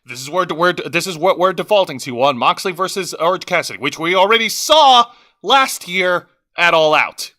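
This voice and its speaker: A man on a wrestling podcast, stating facts plainly and correcting his co-host. His voice is a bit high and bright. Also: lively intonation, normal speed, few pauses. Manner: matter-of-fact, correcting. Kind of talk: wrestling review chat.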